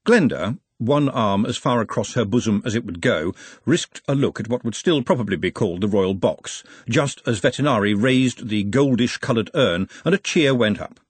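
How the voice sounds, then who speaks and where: A man narrating a comic novel, his pitch swinging expressively as he reads. His voice is husky and grainy. It is recorded close and dry, with no room around it. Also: dry recording. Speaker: audiobook narrator. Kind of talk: scripted narration.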